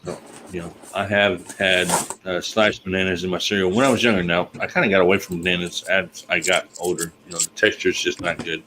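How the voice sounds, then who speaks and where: A man's voice: low voice, level tone, brisk, background noise. A man hosting a casual live chat on a video call, folksy and easygoing. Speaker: livestream host.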